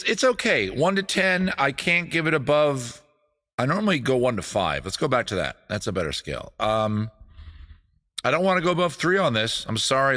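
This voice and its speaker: A man's voice: on the low side, fairly bright tone. A man hosting a casual comedy stream from home, rambling loosely and swearing as he jumps between bits and asides. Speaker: comedy show host. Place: home studio. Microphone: streaming setup with cameras.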